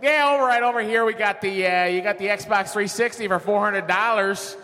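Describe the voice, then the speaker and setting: A man putting on a Chicago accent as a brash gum-chewing TV salesman, with a loud sales patter. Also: high-pitched, moderate pace, soft background music, pitched above the performer's own voice. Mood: hard-selling. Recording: long hall reverb.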